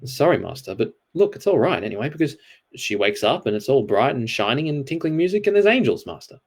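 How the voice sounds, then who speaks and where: A man voicing an anxious old male servant in a read-aloud storybook scene, with a higher, pinched delivery. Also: big pitch swings, fairly quick, slightly rough.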